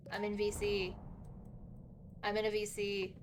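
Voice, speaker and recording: A woman's voice: medium pitch, monotone, measured pace, pauses often, slight background noise. A woman streaming a game, chatting casually, flustered and swearing as she talks. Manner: swearing, flustered, laughing often.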